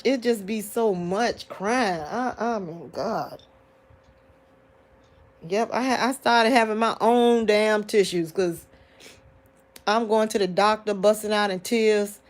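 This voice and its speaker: Tearful soft-spoken woman, sighing. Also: a little high. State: tearful, grieving. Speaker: livestream host talking to viewers. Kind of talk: casual live chat.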